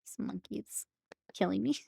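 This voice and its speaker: A woman's voice: mid-range voice, expressive, unhurried, vocal fry, darkish tone, breathy edge, dry recording. A woman streaming while she paints miniatures, chatting playfully with viewers and laughing often. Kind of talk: casual chat with live chat while painting.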